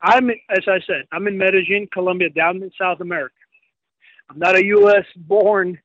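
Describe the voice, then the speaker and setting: Fifty-something man caller, friendly and chatty, high voice, dull dry phone line. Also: steady tone, moderate pace, no echo. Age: 50s. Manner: chatty, friendly, gives shout-outs.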